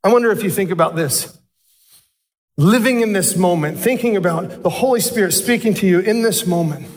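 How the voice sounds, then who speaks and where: High-voiced preacher in an echoing hall. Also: male voice, fairly quick. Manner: animated, asks the congregation questions. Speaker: pastor. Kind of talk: sermon. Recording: long reverb of a large hall.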